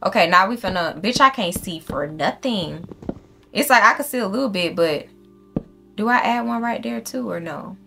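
A woman's voice: lowish voice, vocal fry. A woman hosting a casual game playthrough, chatting and swearing freely at her viewers and talking to the animals in the game. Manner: chatty, profane, talks straight to viewers. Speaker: gaming channel host. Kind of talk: casual let's-play commentary.

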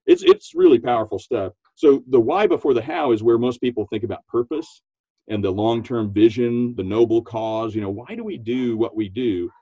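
A man's voice: moderate pace, husky, dry recording, muffled recording. A man, a business coach, talking enthusiastically as a podcast guest, laughing often and acting out quotes. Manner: animated, laughs often, acts out quotes in a high voice. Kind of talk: enthusiastic interview talk.

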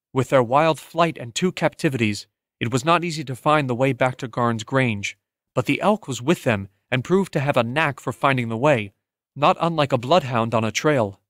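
A man narrating a fantasy audiobook in a measured, steady storytelling manner. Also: medium pitch, no room sound, clean studio sound. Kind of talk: scripted narration.

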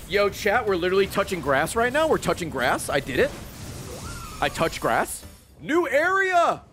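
A man in his thirties commentating live on his gameplay, swearing and reacting loudly and excitably. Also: mid-range voice. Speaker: streamer playing a video game.

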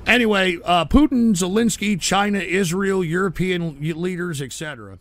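A man's voice: sits high, moderate pace, a bit bright. A male livestream host giving casual live-show commentary with profane, irritable rants.

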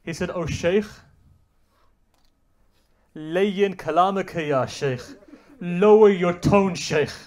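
A man's voice: sits high, takes it slowly, long pauses, darkish tone. A man delivering a Muharram sermon, retelling a story with rising and falling emotional intensity. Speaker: religious speaker.

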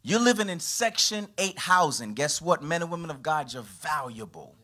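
A pastor delivers a sermon in a church, his voice pitched a little high for a man. He preaches with swings of pitch and loudness, sometimes punching out a phrase and sometimes dropping low and quiet. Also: normal speed. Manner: animated preaching with sweeping pitch and volume.

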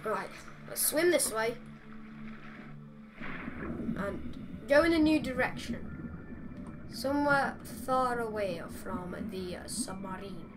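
A woman's voice: a little high, takes it slowly, pauses often, noisy background. A woman commenting as she plays a game, chatty and exasperated, talking to the creatures on screen. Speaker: gamer. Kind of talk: playing commentary.

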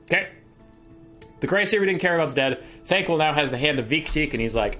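Animated sarcastic man retelling lore. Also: on the high side, a little fast, soft background music. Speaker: storyteller. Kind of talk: casual comedic lore retelling.

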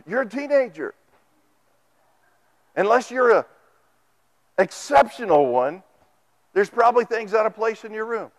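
Guy preaching in church, high-ish voice, folksy and lively, acts out little quotes, mic'd up. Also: a little slow, long pauses. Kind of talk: sermon. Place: church sanctuary. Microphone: microphone.

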